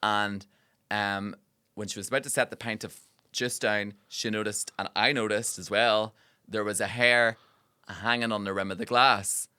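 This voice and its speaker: Man, podcast co-host, sharp voice on the lower side, animated swearing storyteller, dry close mic. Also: normal speed, clear, resonant tone, no room sound. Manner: animated storyteller, swears freely, frequent fillers. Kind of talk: casual chat.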